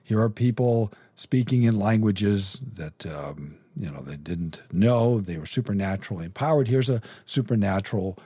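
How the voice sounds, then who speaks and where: A man hosting a podcast, teaching through a scripture passage in a measured, halting way with many fillers and restarts. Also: fairly low pitch, animated, warm tone, husky, no room sound. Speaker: podcast host and theology teacher.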